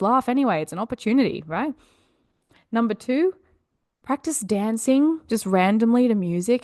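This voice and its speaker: A woman's voice: on the high side, darkish tone, no echo, clean studio sound. A woman hosting a self-help podcast, talking in an upbeat, encouraging, chatty way. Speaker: podcast host. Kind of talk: motivational podcast monologue.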